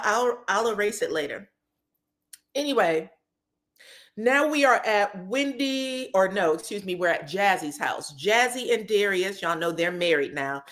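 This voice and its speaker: A woman's voice: mid-range voice, fairly bright tone. A woman recapping a reality show in casual, slangy commentary, punctuating her points with emphatic tags and frequent laughter. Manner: slangy, emphatic, tags lines with "okay?" and "child"; laughs often while telling.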